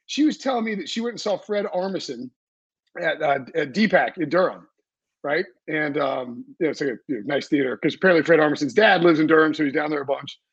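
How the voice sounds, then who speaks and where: A man's voice: a little high, fast, slightly rough, no echo, muffled recording. A man hosting a sports podcast, chatting casually in a rambling way with many fillers and restarts. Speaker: podcast host. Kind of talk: casual chat.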